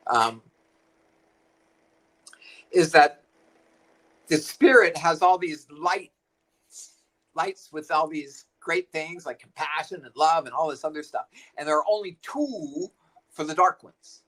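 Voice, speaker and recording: An older man in casual spiritual chat who talks haltingly, repeating phrases and filling pauses. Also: a little high, fairly bright tone, low-quality recording. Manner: halting, repeats himself, fillers. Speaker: co-host.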